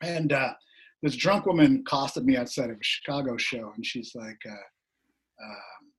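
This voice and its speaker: A middle-aged musician, here as a guest, tells a story in a casual chat, with plenty of laughter and acted-out voices for the people he quotes. His slightly rough voice is medium in pitch, and he speaks a little slowly.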